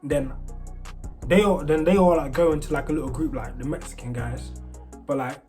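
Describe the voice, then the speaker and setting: A man's voice: on the high side, moderate pace, a little mellow, soft background music. A man with a British accent that keeps some American traces, casually telling a story. He rambles and restarts often, with many fillers. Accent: British English with American traces. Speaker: storyteller vlogger.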